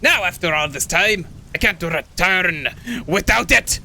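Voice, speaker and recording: A man reading out an old hermit's lines from a video game in a high, loud voice with a rough attempt at a Scottish accent. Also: lively intonation, measured pace, slight background noise, full character voice. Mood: wistful. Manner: reading game dialogue aloud, dramatic. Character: lonely old man, stubborn hermit by the sea.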